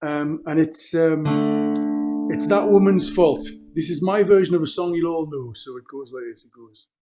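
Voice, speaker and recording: A man's voice: a little high, normal speed, loud music behind the voice. A man, a folk singer, chatting jokily between songs on a video call concert, hesitant with ums and self-deprecating.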